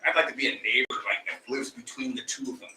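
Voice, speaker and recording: A man co-hosting a casual chat show, loud and excitable, swearing freely. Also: mid-range voice, fast. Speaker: co-host. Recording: roomy and distant with faint noise.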